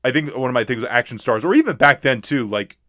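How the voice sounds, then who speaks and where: A man's voice: mid-range voice, lively intonation, fast, pushed and bright, no echo, studio quality. A man co-hosting a casual movie talk, rambling with many restarts and fillers. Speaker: podcast co-host.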